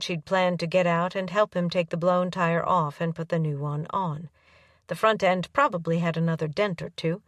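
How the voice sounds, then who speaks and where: A woman's voice: on the low side, a bit bright, no echo, studio quality, far from the mic. A woman reading a romance audiobook aloud, giving the characters light voices of their own. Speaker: audiobook narrator. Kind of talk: scripted narration.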